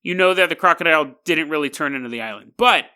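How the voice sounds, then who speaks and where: A man's voice: a little high, animated, fast, sharp tone, clean tone. A man hosting a podcast, telling a story in a rambling, jokey way and laughing often. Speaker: podcast host.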